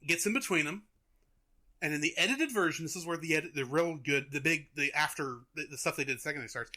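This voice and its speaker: A young man hosting a podcast, retelling a cartoon in a chatty, animated way. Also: fairly high pitch, brisk. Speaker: podcast host. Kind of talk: casual chat, retelling a cartoon.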